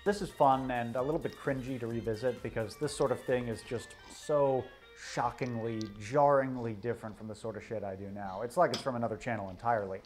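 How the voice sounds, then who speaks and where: A man's voice: mid-range voice, fairly even intonation, brisk, few pauses, a little mellow, faint music behind. A man giving scripted video commentary in a wry, self-critical and emphatic way. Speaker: history video creator.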